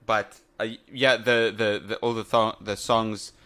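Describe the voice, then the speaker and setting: A man's voice: on the low side, little pitch movement, unhurried, pushed and bright. A man co-hosting a podcast, chatting casually about retro games with dry, teasing remarks. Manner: wry, teasing banter. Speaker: podcast co-host.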